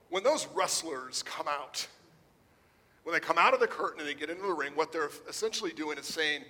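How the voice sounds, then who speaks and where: High-voiced male preacher in reverberant hall. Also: moderate pace. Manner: dynamic, swings between loud emphasis and hushed delivery. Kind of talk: sermon.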